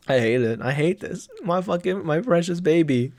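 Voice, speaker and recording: A man's voice: on the high side, lively intonation, moderate pace, hardly any pauses, a little mellow. Emotional, swearing manga reaction vlogger man. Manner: emotional, profane, laughing through frustration. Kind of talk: casual reaction commentary.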